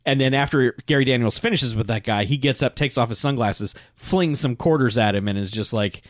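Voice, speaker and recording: A man's voice: mid-range voice, a little fast, dry recording, studio quality. A man co-hosting a casual movie-review podcast, retelling action scenes with lots of "like" and frequent laughter. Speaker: podcast co-host.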